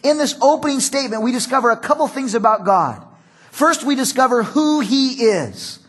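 Husky high-voiced pastor preaching. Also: male voice, big pitch swings, moderate pace, fairly bright tone. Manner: conversational, storytelling with acted quotes. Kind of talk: sermon.

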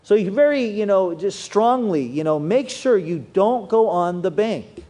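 Man, pastor, sermon, high voice, lively and swooping delivery. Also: unhurried. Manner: animated preaching with wide swings in pitch and loudness.

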